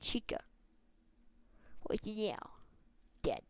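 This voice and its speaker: A woman narrating a ragdoll fight in a game, blurting sound effects and rushing through excited play-by-play. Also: in a whisper, poor audio. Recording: loud background noise.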